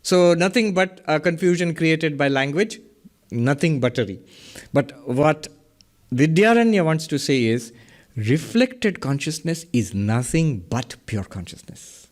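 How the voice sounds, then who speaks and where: A man's voice: fairly high pitch, lively intonation, unhurried. Man teaching Vedanta. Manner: explains by questions and examples, chuckles at own jokes. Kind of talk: philosophy lecture.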